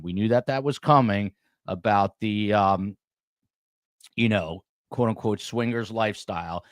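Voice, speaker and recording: A man's voice: fairly low pitch, no room sound, clean studio sound. A man hosting a true crime show, giving commentary as he reads out quotes and adds his own asides. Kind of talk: commentary on a court case.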